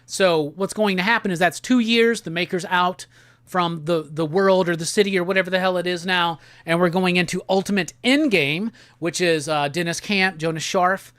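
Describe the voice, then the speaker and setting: Chill guy on a livestream, slangy, rattles off chat comments fast. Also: sits high, fairly bright tone, smooth, no echo. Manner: laid-back, slangy, quick bursts when reading comments. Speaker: livestream host. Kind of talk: casual livestream chat, reading viewer comments.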